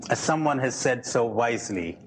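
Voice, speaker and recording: A man giving a reflective talk, prodding his listeners with challenging rhetorical questions at a slow, deliberate pace. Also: medium pitch, animated, husky, rough recording. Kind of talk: reflective lecture with jokes.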